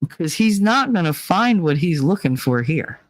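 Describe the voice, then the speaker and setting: A woman's voice: low-pitched, sing-song, moderate pace, no room sound. A middle-aged woman hosting a casual chat stream, telling candid, profane stories and acting out the people in them. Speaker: livestream host.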